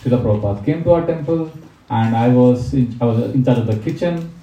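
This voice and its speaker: A monk gives a spiritual talk, telling warm anecdotes about monastery life and acting out the people he quotes. His voice is medium-pitched and a little fast. The lo-fi recording sounds roomy, with a distant mic.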